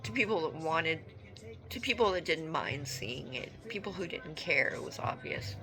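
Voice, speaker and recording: A woman telling a personal story in a halting, earnest, reflective way. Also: sits low, animated, over music, rough recording. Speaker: vlogger.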